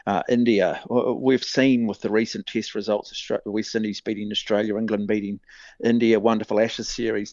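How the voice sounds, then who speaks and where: A man's voice: lowish voice, a little mellow, dry recording. A middle-aged man with a New Zealand accent, a sports commentator giving earnest, rambling opinions with lots of fillers. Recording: dull, dry sound.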